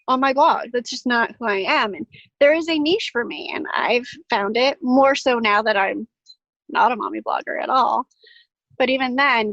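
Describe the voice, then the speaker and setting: Woman guest, higher voice, rambling self-deprecating storyteller, dry muffled call audio. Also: a bit bright, no room sound. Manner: chatty, self-deprecating, many "like" fillers. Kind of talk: casual personal storytelling. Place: her home greenhouse.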